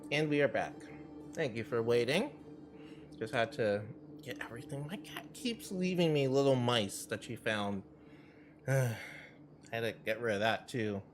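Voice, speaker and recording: A man's voice: mid-range voice, expressive, measured pace, pauses often, a little hiss or hum. A man streaming a video game, chatting casually and laughing often. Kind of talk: casual gameplay commentary. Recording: game music under the voice. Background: game music.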